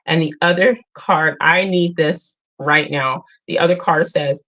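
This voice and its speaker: A woman hosting a casual spiritual livestream, talking unhurried and earnest, with many filler sounds. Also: lowish voice, fairly bright tone, highs cut off. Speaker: livestream host.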